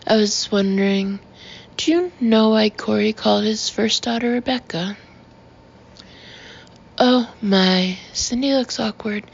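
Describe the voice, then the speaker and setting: A woman's voice: medium pitch, steady tone, takes it slowly, vocal fry, slightly rough. A woman reading an audiobook aloud, narrating and giving the characters' dialogue light voice shading. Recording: slightly dull, faintly noisy audio.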